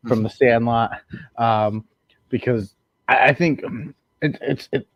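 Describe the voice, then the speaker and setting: A man's voice: mid-range voice, fairly even intonation, takes it slowly, a bit bright, dry recording. A man speaks as a panelist in a casual chat, stopping and restarting often. The sound is dry. His mic sounds dull and lo-fi. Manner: hesitant, lots of restarts.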